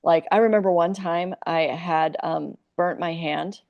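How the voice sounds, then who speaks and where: A woman's voice: on the low side, unhurried, gravelly, no echo, lo-fi sound. A woman from Iowa, a comic actress, telling candid stories in a podcast interview and acting out the people in them. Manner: animated, acts out quoted voices.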